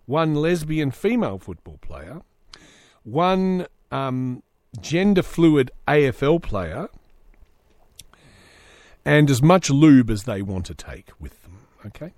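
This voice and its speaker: A man's voice: fairly high pitch, big pitch swings, slow, pauses often, darkish tone, dry recording, studio quality. A man hosting a solo comedy podcast, reading news aloud with sarcastic asides. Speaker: podcast host.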